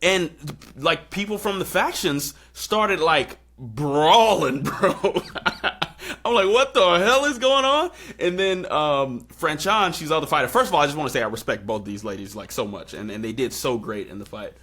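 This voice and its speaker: A young man hosting a podcast, casually telling a story and acting out quotes in excited high bursts. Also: normal speed, husky. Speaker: podcast host.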